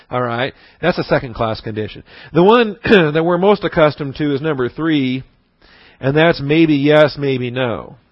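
A man's voice: a little high, expressive, unhurried, no room sound, muffled recording. A man giving a conversational, emphatic sermon-style Bible lesson with frequent restarts. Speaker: Bible teacher.

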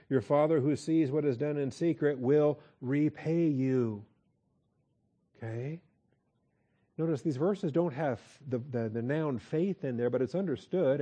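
A man preaching a verse-by-verse Bible teaching, conversational, often checking in with his listeners and slowing down to repeat key points. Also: on the high side, mellow, dull audio. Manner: conversational, with frequent "okay?" check-ins and slow emphatic repeats. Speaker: pastor.

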